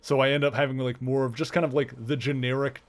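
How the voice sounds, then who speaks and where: A man's voice: medium pitch, flat delivery, quick pace. A man with a mild Canadian accent, chatting casually while streaming a game, rambling with lots of fillers and restarts. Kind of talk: casual chat while gaming.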